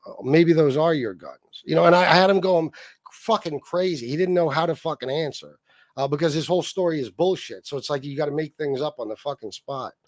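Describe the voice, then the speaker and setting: A man's voice: on the high side, quick pace, no room sound, clean studio sound. A man hosting a casual livestream, reading chat comments aloud and mocking someone with heavy profanity. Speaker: livestream host.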